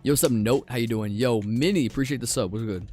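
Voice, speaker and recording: A young adult man chats loosely with his stream audience while he plays, his voice sitting at an ordinary middle pitch. He repeats himself and often sinks into quiet muttering between plays. Faint game music runs underneath. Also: fast. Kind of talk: casual live-stream chat with gameplay commentary.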